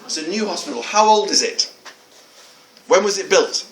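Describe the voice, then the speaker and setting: Man, teacher trainer, joking with the audience, bright high voice, heard from afar in a hall. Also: moderate pace, a little hiss or hum. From England. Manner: jokey, animated, coaxing answers from the room. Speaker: teacher trainer leading a workshop. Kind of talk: lively workshop talk with audience questions. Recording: echoey hall, voice from a distance.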